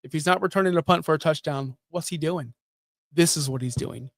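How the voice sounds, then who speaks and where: Sarcastic, animated man ranting about fantasy football. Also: fairly high pitch, fairly quick, dry recording, clean studio sound. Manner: animated, sarcastic, jokey rants. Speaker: fantasy football podcast host. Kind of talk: casual sports talk.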